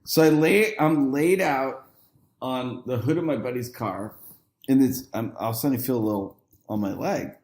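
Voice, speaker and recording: A man's voice: medium pitch, moderate pace, darkish tone, reverberant. A man telling a long story as a podcast guest, acting out the quoted lines and laughing often. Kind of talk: casual storytelling.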